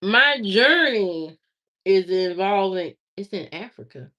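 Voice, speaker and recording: A woman's voice: medium pitch, animated, slow pace, pushed and bright. A woman with a Southern US accent hosting a casual livestream, chatting in a rambling way and greeting viewers by name. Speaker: livestream host. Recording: slightly dull lo-fi stream audio.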